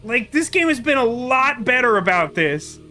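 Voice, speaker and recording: A man's voice: extremely high pitch, very animated, normal speed, sharp tone. A man commenting on a video game in a wry, rambling way with lots of fillers. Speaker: gaming streamer. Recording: game music playing faintly behind.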